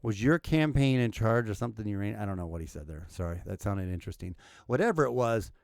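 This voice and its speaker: A man's voice: fairly low pitch, lively intonation, fast talker, creaky, a little mellow, no room sound, studio quality. A man hosting reaction commentary over news clips in a sarcastic, blunt way, swearing casually. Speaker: political commentary host.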